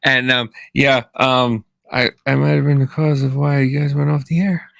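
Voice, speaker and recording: A man's voice: mid-range voice, flat delivery, moderate pace, gravelly, a bit bright, dry recording, clean studio sound. A man co-hosting a podcast, telling rambling stories in casual chat, full of restarts and fillers. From Kansas. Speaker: podcast co-host.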